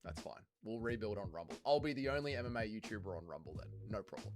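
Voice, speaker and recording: A man's voice: lowish voice, animated, fast, over music. An Australian man hosting a casual livestream and reading chat, rambling and blunt, calling people mate and swearing now and then.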